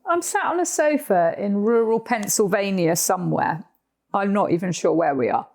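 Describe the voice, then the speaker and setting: A woman's voice: medium pitch, animated, moderate pace, a little mellow. A woman from Cornwall with a Cornish English accent, co-hosting a casual podcast chat and telling stories with frequent laughs. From Cornwall, England. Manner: chatty storyteller, laughs often. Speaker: podcast co-host. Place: sofa in a rented house.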